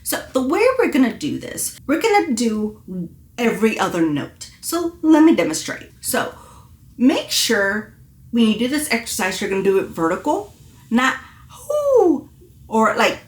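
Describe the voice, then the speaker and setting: A woman vocal coach leading an online singing lesson, encouraging and demonstrating exercises. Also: a little high. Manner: encouraging, demonstrates with sung hoots. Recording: echoey room.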